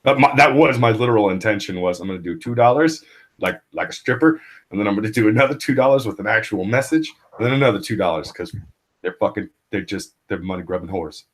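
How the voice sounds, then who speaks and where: A man co-hosting a livestream, trading crude jokes and laughing loudly. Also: lowish voice, lively intonation, fast talker. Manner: profane, joking, laughs loudly. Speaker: stream co-host. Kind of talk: crude casual banter.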